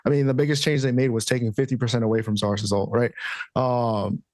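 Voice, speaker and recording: A man's voice: mid-range voice, steady tone, brisk, a little mellow, no echo. Male co-host, argumentative and explanatory, dry recording. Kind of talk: casual gaming podcast chat.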